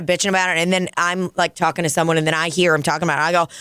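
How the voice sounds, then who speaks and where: A woman comedian co-hosting a podcast, telling stories in a casual, profane, animated way. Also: fairly low pitch, very fast, hardly any pauses, clear, resonant tone, dry recording, studio quality. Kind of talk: casual podcast chat and storytelling. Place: dining room.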